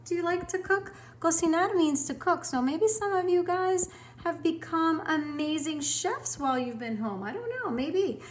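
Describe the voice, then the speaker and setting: A woman teaching a recorded language lesson to students, upbeat and encouraging, speaking clearly and slowing down to model example sentences. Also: very high-pitched, animated.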